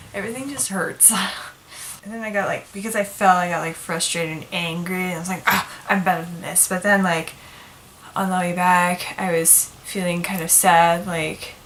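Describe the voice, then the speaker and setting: A woman's voice: fairly low pitch, fairly bright tone, a little hiss or hum. A woman vlogging in a casual chat, talking in a chatty, filler-heavy way and venting her frustration.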